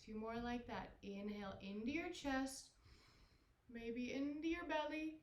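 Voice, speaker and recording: A woman leading a gentle, playful yoga lesson for children, coaxing and making animal sounds. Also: a little high, measured pace, reverberant. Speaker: kids yoga instructor.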